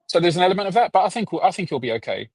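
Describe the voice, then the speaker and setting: A man chats quickly as a guest on a football podcast, pausing often to correct himself. His voice is slightly higher than average and sounds dry and close to the mic. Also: very animated, breathy edge, no room sound, rough recording. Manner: quick, hesitant, many ums and restarts. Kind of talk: casual football podcast chat.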